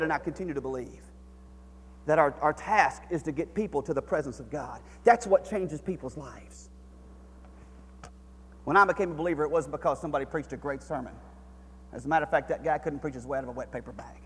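A man preaching a sermon with passion, swinging between hushed, quiet passages and near-shouted, fervent ones. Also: on the high side, a little fast, breathy edge, big-room sound.

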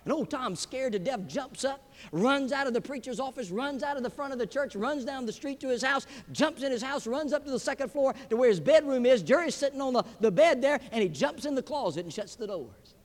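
A man preaches in a large hall before a live audience. His voice sits very high and moves a great deal in pitch. Long reverb trails behind every phrase. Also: expressive, fairly quick, few pauses. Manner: emphatic, swinging between loud peaks and hushed drops. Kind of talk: sermon.

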